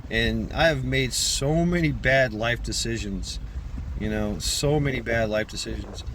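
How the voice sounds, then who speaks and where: Male vlogger, plain mid voice, rambling and profane, recorded outside over clear background noise. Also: mid-range voice, measured pace, a bit bright. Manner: rambling, profane, repeats words. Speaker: channel creator. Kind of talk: casual vlog monologue.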